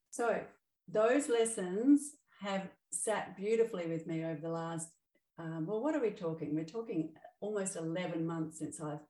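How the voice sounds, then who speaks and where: A woman's voice: low-pitched, warm tone, echoey room, distant mic, low-quality recording. A middle-aged woman hosting her own podcast as an emotional balance coach, talking in a chatty, upbeat way with fillers and self-corrections. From Australia. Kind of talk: solo podcast monologue.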